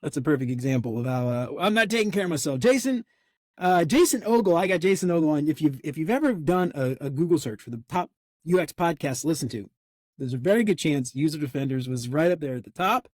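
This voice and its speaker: A man's voice: on the high side, animated, quick pace, a little mellow, no room sound, studio quality. A man hosting his podcast in a casual, enthusiastic, gushing way. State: out of breath. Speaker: podcast host.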